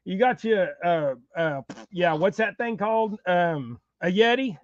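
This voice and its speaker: A man's voice: high-pitched, expressive, measured pace, hardly any pauses, no room sound. A man hosting a fishing channel from home, chatting in a rambling, folksy way while tying jigs, often chuckling. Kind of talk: casual live chat while tying jigs. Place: home, indoors. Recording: dull, slightly muffled sound.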